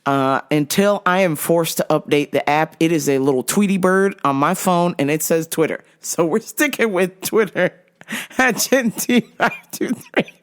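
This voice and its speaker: A woman's voice: on the low side, lively intonation, unhurried. A woman hosting a casual monologue, blunt and profane, laughing often as she talks. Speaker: host.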